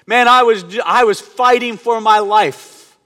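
A middle-aged male pastor preaching a sermon, earnest, dropping to hushed tones and rising to emphatic bursts. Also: very high voice, steady tone, measured pace. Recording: long hall reverb.

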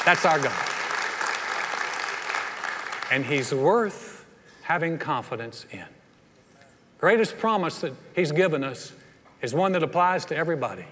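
A man preaching a sermon as pastor, telling a story in an animated way and acting out the voices, then leading a quiet altar call. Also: fairly high pitch. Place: church sanctuary. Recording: hall reverb.

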